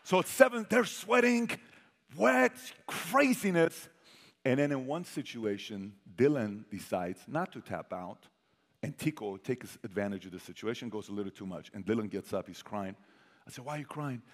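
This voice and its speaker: A man telling a personal story to a live audience as a motivational speaker. He quizzes the crowd and swings between loud bursts and hushed asides. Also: lowish voice, expressive, normal speed. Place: large hall with an audience. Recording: long hall reverb.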